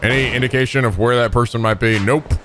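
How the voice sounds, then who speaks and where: A man with a mid-range voice speaks fast against background noise. His let's play commentary is excitable and full of swearing, with trash talk that sounds angry but is only for show.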